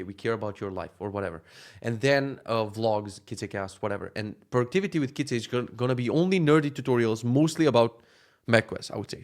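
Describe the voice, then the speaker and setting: A young man chatting casually in a rambling, profane, joking vlog, with a sore throat. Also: mid-range voice. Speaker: vlogger. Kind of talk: casual chat.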